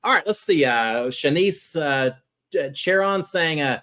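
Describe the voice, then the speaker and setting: Man, live show host, casual viewer Q&A, chatty, very lively intonation. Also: a little high, unhurried. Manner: chatty and animated, jumping between topics. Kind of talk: casual live chat answering viewer questions.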